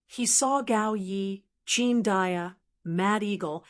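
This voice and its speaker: A woman narrating a fantasy audiobook in a steady, plain reading voice. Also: medium pitch, slow.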